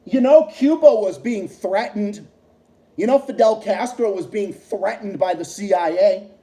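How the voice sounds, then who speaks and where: A man's voice: sits high, unhurried, dark tone, reverberant. A man hosting a livestream, ranting heatedly about politics with lots of profanity and repetition. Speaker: livestream host.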